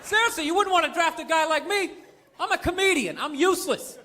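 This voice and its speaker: A middle-aged man performing a stand-up comedy set, ranting loudly and breaking into sudden shouts. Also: very high voice, lively intonation, a little fast, a faint crowd, a little hiss or hum.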